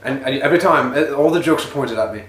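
A man's voice: medium pitch, quick pace, fairly bright tone. A man co-hosting a casual home podcast, arguing in a rambling way and trailing off mid-sentence. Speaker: podcast co-host. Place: room in a house. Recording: roomy echo.

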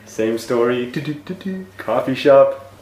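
A man's voice: medium pitch, little pitch movement, slow pace, a little mellow. A man hosting a podcast, moderating the argument in a wry, skeptical way. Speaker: podcast host. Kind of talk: casual comedic banter. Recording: roomy with faint noise.

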